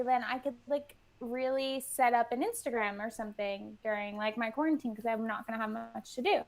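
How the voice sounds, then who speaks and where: A woman with a slightly high, creaky voice chats as a guest in a casual interview in New York. She's bubbly, says "like" a lot, and acts out what she and others said.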